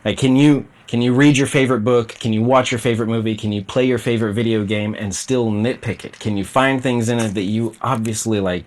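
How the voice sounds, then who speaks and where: A tired man hosts his own video channel, talking casually in a rambling, self-deprecating way with lots of fillers. His voice is fairly low-pitched, with a little hiss or hum in the background.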